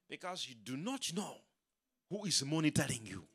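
Brief: bright, high male preacher, very animated delivery that swings up and down, repeats himself for emphasis. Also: normal speed, husky. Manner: animated, repeats words, acts out quoted speakers. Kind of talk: sermon.

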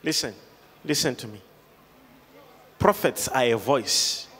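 A man preaching a sermon to a congregation, shouting and calling for responses. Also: medium pitch, expressive, slow pace. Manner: emphatic call-and-response preaching, often shouting. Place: large hall with a congregation. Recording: reverberant hall, crowd noise behind.

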